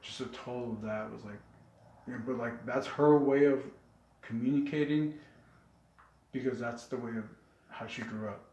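A man's voice: medium pitch, moderate pace, pauses often, mellow. A young man telling a personal story in casual chat, earnest and rambling with many fillers. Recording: echoey room, dull lo-fi sound.

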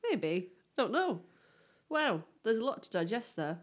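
A woman's voice: fairly high pitch, very animated, measured pace. Giggly woman bantering. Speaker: podcast co-host. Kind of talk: casual chat.

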